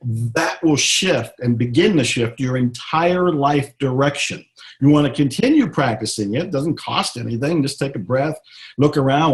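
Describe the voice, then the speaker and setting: A middle-aged man from Texas, a guest author in an interview, talking earnestly and reflectively and slowing down to stress his points. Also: on the high side. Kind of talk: interview, motivational talk.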